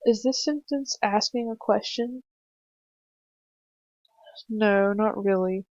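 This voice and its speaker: Recorded on a computer mic for a screencast, a young woman student teacher walks children through punctuation slowly and patiently, using some fillers. Her voice is mid-range, and the home recording is dry and slightly dull, with no echo.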